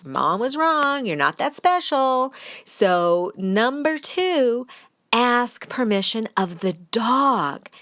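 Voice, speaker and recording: A woman's voice: takes it slowly, dry recording. Brief: woman dog trainer for a podcast, chatty and blunt, playful teasing, dry close sound. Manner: animated, with lively shifts in pitch. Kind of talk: casual advice podcast monologue.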